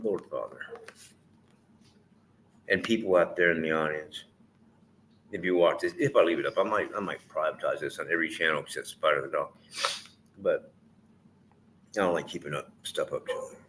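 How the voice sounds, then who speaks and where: A man's voice: very deep voice, normal speed, pauses often, a little hiss or hum. A middle-aged man rambling casually on a livestream, swearing now and then. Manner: rambling, swears casually, shifts into loud scolding and prayer. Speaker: vlogger livestreaming with his dogs.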